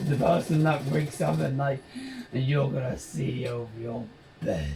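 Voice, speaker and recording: A man's voice: mid-range voice, measured pace, vocal fry, mellow, slight background noise. A British man giving rambling, jokey gameplay commentary, describing himself as a dull talker. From Britain. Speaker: gaming channel host.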